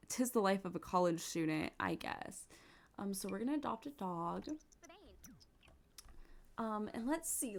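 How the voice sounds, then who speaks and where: A young adult woman giving casual, bubbly commentary while playing a life-sim game, gushing with quick asides and giggles. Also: mid-range voice. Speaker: gaming YouTuber.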